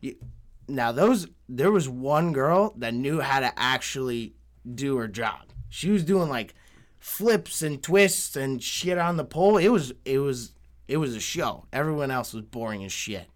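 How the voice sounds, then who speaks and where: A young man telling a story in casual chat, swearing often, laughing and getting animated. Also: medium pitch, unhurried.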